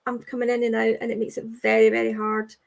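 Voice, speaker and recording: Woman medium doing a live reading, high voice, keeps saying okay sweetheart, halting. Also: monotone, gravelly. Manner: halting, repeats phrases, soothing with "okay, sweetheart". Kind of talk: live online spirit reading.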